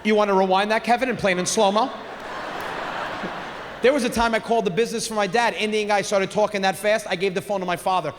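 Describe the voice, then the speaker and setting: A man's voice: high voice, brisk, slight background noise. A man doing a brash, profane stand-up routine. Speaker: stand-up comedian. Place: comedy stage. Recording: echoey hall, faint ambience.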